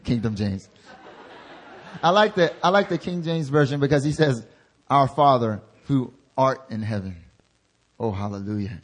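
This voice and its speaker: A young man preaching a sermon as an intern pastor. He drops into soft, low asides, then rises into loud exhortations.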